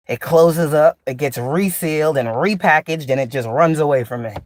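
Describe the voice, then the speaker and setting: A woman's voice: deep voice, dry recording, clean studio sound. A woman spiritual teacher in a casual, blunt, profane monologue, laughing often and drawing out sarcastic asides.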